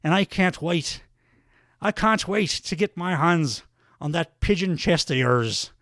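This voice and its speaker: A man voicing a brash, boastful wrestler, talking loud trash. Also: on the high side, animated, measured pace, dry recording, studio quality. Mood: defiant. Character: impression of brash male Irish wrestler.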